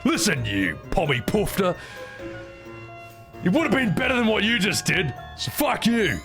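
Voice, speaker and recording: A man voicing a cheeky, foul-mouthed schoolboy with an Australian accent and a high, brash, mocking voice. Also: huge pitch swings, a little slow, fairly bright tone, soft background music, full character voice. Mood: insulting.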